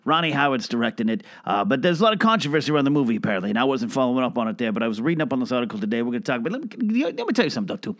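A man's voice: medium pitch, very animated, very fast, hardly any pauses, no echo, studio quality, lightly acted. A man playing a boastful, rambling old Hollywood producer who name-drops and restarts his sentences in a comedic monologue. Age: older. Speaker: film producer character.

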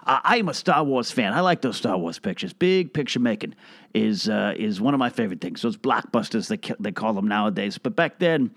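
A man's voice: fairly low pitch, lively intonation, brisk, fairly bright tone, no room sound, studio quality. A man playing a boastful, rambling old Hollywood producer who name-drops and restarts his sentences in a comedic monologue. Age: older. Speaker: film producer character.

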